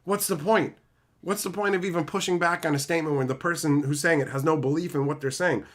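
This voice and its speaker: A man ranting profanely on a livestream while reading chat comments, swinging between loud outbursts and low mutters. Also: fairly even intonation, fast. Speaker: streamer reading live chat. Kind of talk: livestream rant.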